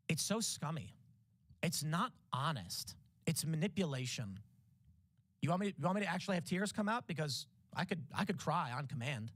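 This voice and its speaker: A man's voice: on the high side, dry recording, clean studio sound. A man hosting a live stream, telling a story casually and acting out the people in it. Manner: animated storyteller who acts out the dialogue in changing voices. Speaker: trading stream host.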